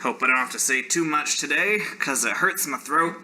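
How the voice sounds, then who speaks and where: A man's voice: on the high side, normal speed, sharp tone, slight background noise, poor audio. A man voicing Elgriff, a touchy old wizard. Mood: pompous. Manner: prickly, defensive, easily offended. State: sore throat. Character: grumpy self-important male village wizard teacher.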